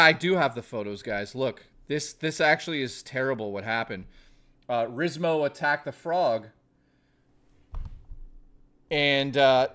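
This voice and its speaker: A man with a fairly high, slightly bright voice is livestreaming and talking to his chat. He rambles casually, swears, jokes around, and keeps restarting his sentences.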